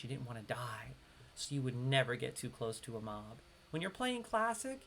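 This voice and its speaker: A man's voice: a little high, slight background noise. A man from upstate New York giving live, slangy commentary while playing an online game with a teammate. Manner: excitable, slangy banter with a teammate. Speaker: streamer.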